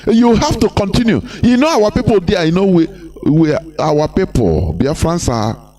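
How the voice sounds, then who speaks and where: A man's voice: sits high, sing-song, moderate pace, warm tone. A Nigerian man giving impassioned live broadcast commentary, repeating himself and firing rhetorical questions at his listeners. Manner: preachy, repetitive, rhetorical questions, mimicking others.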